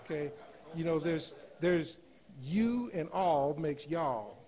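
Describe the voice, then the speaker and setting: A man preaching a sermon in a church, rising to loud emphatic scripture reading and dropping to softer asides. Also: fairly high pitch, animated, slow pace, a crowd in the background. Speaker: guest preacher. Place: church sanctuary.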